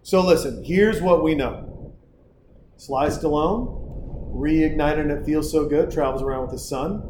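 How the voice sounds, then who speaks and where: A man's voice: a little high, measured pace, a little mellow. A man hosting a casual chat, loose and profane, rambling through stories and advice. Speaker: podcast host. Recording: roomy echo, faint background hiss.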